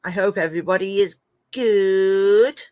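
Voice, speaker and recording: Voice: mid-range voice, unhurried, darkish tone, no room sound. Chatty middle-aged English live-streamer. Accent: mixed northern and southern English. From England. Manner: chatty, laughs often, talks to pet cats. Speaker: live-stream host and moderator. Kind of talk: casual live-stream chat.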